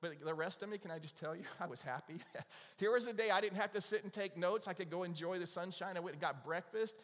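This middle-aged pastor talks fast in a high, somewhat bright voice as he preaches an Easter sermon. He weaves in stories and frequently asks the congregation "right?". The sound has a long hall reverb.

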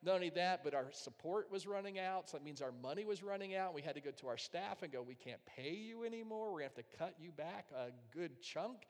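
A man's voice: high-pitched, expressive, a little fast, few pauses. Preaching man in a reverberant hall. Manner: storytelling, swinging from loud to hushed. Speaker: pastor. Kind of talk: sermon.

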